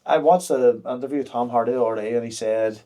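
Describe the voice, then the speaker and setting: A man's voice: mid-range voice, fast talker, mellow. A man in his thirties, a podcast guest talking openly and frankly, with plenty of fillers and restarts. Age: 30s. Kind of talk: candid podcast conversation.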